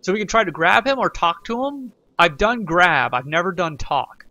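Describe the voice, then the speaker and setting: A man's voice: high-pitched, animated, moderate pace, bright, forceful tone, no room sound, highs cut off. Chatty man narrating a strategy game. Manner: chatty, rambling, reads game text aloud, self-correcting. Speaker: let's play host. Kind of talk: casual gameplay tutorial commentary.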